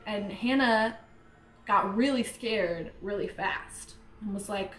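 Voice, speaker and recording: A woman's voice: mid-range voice, takes it slowly, slight background noise. A young woman vlogger telling a true ghost story in a rambling, casual way, full of "like". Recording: echoey room.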